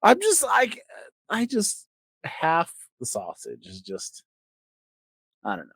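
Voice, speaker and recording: A man hosting a comedy podcast, ranting crudely and swinging between loud outbursts and quiet asides. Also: on the high side, wildly swooping pitch, slow pace, husky, no room sound. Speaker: podcast host. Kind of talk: comedic rant.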